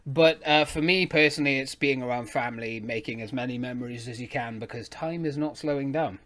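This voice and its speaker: A man's voice: medium pitch, a little fast, fairly bright tone. A man co-hosting a podcast, chatting casually and swearing freely. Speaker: podcast co-host. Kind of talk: casual chat.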